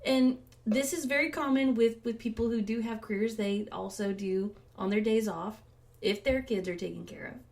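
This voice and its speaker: A woman co-hosting a podcast in casual chat, telling stories in an animated way and laughing as she talks. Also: on the high side, normal speed, vocal fry. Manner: animated storyteller, laughs while talking. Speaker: podcast co-host.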